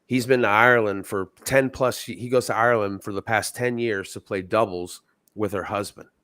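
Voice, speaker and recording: A man's voice: lowish voice, fairly even intonation, moderate pace, a bit bright, dry recording. A man from Texas, a guest sounding stuffy from a cold, telling stories in an earnest, reflective way. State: stuffy, sick. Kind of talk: casual chat.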